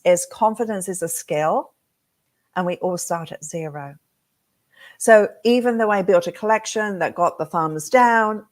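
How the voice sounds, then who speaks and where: A woman from England with a medium-pitched voice gives a motivational talk as a hair design educator. She's an animated storyteller who acts out her own thoughts.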